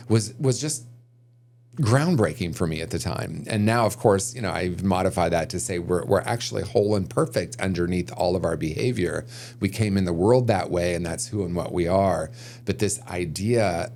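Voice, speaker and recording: A man with a low, deep voice talks as a guest in a podcast interview. He sounds reflective and earnest, working through his thoughts aloud and restarting sentences as he goes. A faint background noise sits under his voice. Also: moderate pace, a little mellow. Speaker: guest, recovery author.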